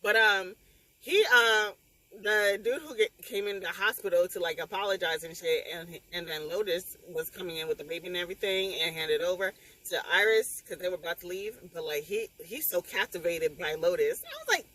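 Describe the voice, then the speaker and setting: A young woman vlogging, chatting excitedly and emotionally about a book she just read, talking straight to her viewers. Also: on the low side, brisk, low-quality recording. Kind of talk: casual chat.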